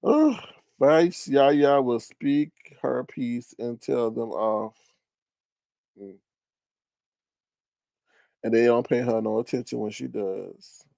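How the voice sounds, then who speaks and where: A young man hosting a casual commentary stream, ranting loudly and mockingly to his live chat, swearing often. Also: takes it slowly, gravelly, long pauses, no room sound. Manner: loud, profane, mocking rant with big pitch swings. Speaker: commentary show host.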